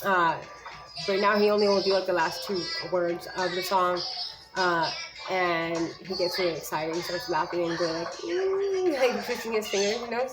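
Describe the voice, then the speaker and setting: A woman's voice: on the low side, steady tone, normal speed, over music, poor audio. A young woman giving casual advice as a parent, talking in a rambling way with many fillers and restarts. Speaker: parent sharing speech tips.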